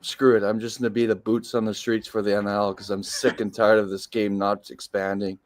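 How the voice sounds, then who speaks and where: A man's voice: on the low side, level tone, brisk, no room sound, clean studio sound. A man guest chatting casually in a laid-back way, often saying "man". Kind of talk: casual chat.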